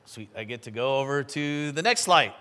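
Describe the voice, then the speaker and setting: A man, a pastor, preaching a sermon and telling a personal story in a lively, chatty way. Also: medium pitch, clear, resonant tone. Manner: animated storytelling with quick asides.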